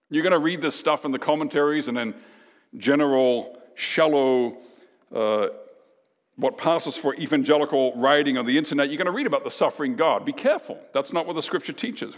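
A man preaching a sermon as pastor, emphatic, with dramatic pauses and repeated lines. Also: a little high, a bit bright, long reverb tail.

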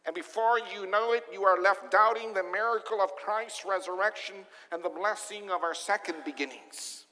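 A man delivers a sermon from the pulpit, pressing his points with repeated rhetorical questions. His voice sits high for a man. Long reverb trails behind his words, as in a large church. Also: normal speed, bright, forceful tone. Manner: emphatic preaching with rhetorical questions. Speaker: pastor.

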